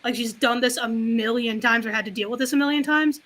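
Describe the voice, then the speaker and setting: A woman chatting casually on a livestreamed talk show, telling a long story in an animated, frank, rambling way. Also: fairly high pitch, fairly quick. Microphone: livestream call mic.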